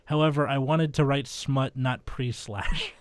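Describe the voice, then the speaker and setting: A young man hosting a comedy podcast, reading fan fiction aloud in a deadpan voice, with flustered asides and laughter. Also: mid-range voice, slow, clear, resonant tone, no echo. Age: young adult.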